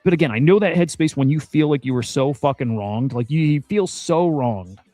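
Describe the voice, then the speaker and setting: This crypto news streamer sounds animated and warm, his voice on the high side at a moderate pace with no echo. Exasperated, he rants bluntly, curses a lot and says things more than once.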